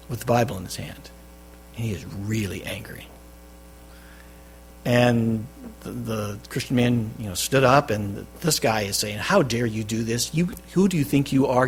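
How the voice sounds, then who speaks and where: A man preaching a sermon as pastor, with loud stressed phrases that drop to quiet endings. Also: mid-range voice, a little hiss or hum. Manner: emphatic, swinging between loud stresses and quiet drops. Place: church.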